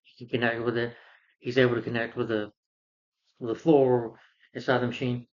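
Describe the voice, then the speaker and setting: A man's voice: mid-range voice, little pitch movement, fairly quick, dull audio. A man casually recapping a film in a rambling rant, full of fillers and sarcastic asides. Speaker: film reviewer.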